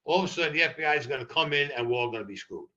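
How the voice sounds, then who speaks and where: Profane older New man, bright voice. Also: fairly high pitch, rapid-fire, dull audio. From New York. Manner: blunt, profane, animated storyteller. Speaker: interview guest. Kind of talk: storytelling in a podcast interview.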